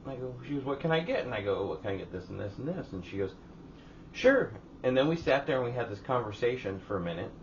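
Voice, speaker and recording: A man's voice: mid-range voice, expressive, racing, few pauses, recorded from a distance, dull audio, a little hiss or hum. A man co-hosting a casual podcast from his garage, telling long profane stories, acting out other people's lines, hot and sweating. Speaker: podcast co-host. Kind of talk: casual chat. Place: home garage.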